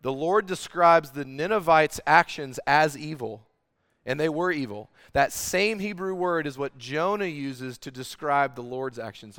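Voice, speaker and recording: A man preaching a sermon in earnest, animated style, asking the room rhetorical questions. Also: fairly high pitch, measured pace, smooth. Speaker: pastor. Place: large room with congregation.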